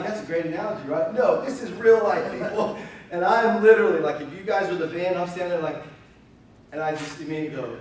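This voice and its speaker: A man gives an animated, chatty sermon as a youth pastor, his slightly strained voice sitting a little high. He sounds far from the microphone in a very echoey church hall. A faint hiss sits under the room. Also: brisk. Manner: animated, conversational, breaks into laughter. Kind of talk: storytelling sermon.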